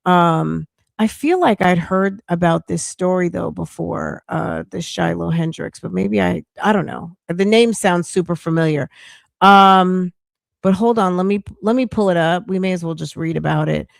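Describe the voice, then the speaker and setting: A woman's voice: lowish voice, moderate pace, gravelly, no echo. A middle-aged woman hosting a casual livestream, reading news aloud, reacting bluntly and greeting viewers by name with pet names. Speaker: livestream host.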